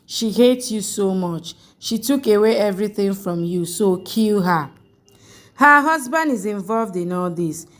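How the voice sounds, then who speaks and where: A woman narrating a soap opera episode recap, reading characters' lines in a flat, even way. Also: mid-range voice, a little slow. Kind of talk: scripted plot recap narration.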